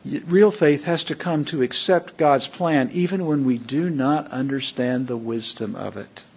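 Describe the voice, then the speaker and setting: A man's voice: medium pitch, measured pace, vocal fry, slightly rough. A man preaching a sermon to a worship assembly, emphatic and fond of rhetorical questions to the congregation.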